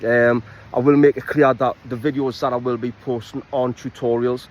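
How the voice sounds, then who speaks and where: Geordie man, mid-pitched, easygoing outdoors instructor, chatty and unpolished, phone-recorded. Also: a little fast, muffled recording, slight background noise. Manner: relaxed, with frequent ums and restarts. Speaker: falconry and bushcraft instructor. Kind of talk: casual vlog introduction. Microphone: iPhone.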